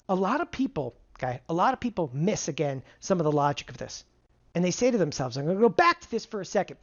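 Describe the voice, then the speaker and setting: A man teaching an online trading seminar, animated, constantly asking rhetorical questions and answering them himself. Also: fairly high pitch, dull audio. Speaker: options trading instructor. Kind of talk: energetic online seminar lecture.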